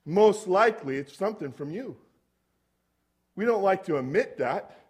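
A man's voice: high-pitched, lively intonation, normal speed, husky. A man giving a conversational sermon, telling stories and asking the congregation rhetorical questions. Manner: storytelling, asks the audience rhetorical questions. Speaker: preacher.

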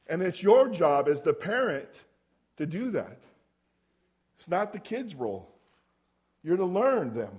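A man with a notably high voice preaching in a relaxed, conversational way. He tells stories and keeps turning to the congregation with rhetorical questions. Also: slightly rough. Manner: storytelling, asks the audience rhetorical questions. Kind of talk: conversational sermon.

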